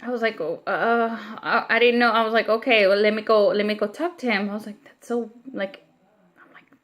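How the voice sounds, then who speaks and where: A woman in her thirties telling a long story about her son, retelling what people said in an animated, upset way with many restarts. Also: mid-range voice, a little fast. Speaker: vlogger, mother. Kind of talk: casual storytelling vent.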